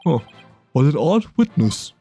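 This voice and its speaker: A man streaming a game, reading a flustered, excitable elderly male judge. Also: on the high side, a little slow, husky, faint music behind, full character voice. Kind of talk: casual game dialogue reading.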